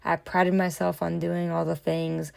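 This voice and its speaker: Slow, gravelly-voiced woman podcaster. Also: on the low side, little pitch movement. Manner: earnest, heartfelt, addresses listeners as friends. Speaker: podcast host. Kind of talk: reflective solo podcast monologue.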